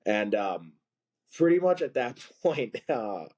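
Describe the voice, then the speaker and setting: A man guest on a podcast, telling stories loosely and chattily, full of "like" and "you know" and quick laughs between phrases. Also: mid-range voice, big pitch swings, darkish tone. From from a blue-collar family. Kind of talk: casual storytelling in conversation.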